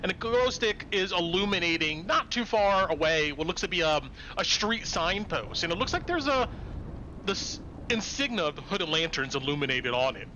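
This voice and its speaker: A man runs a tabletop game, narrating scenes in an easygoing, descriptive way. His voice is bright and fairly high for a man. A faint hiss sits in the background. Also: expressive, normal speed, low-quality recording. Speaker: game master.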